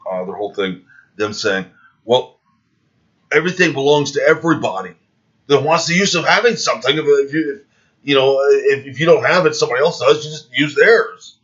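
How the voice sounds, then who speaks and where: A man speaking in a heated opinion monologue, rambling and restarting his words, recorded with dull, lo-fi sound. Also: low voice. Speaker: video commentator.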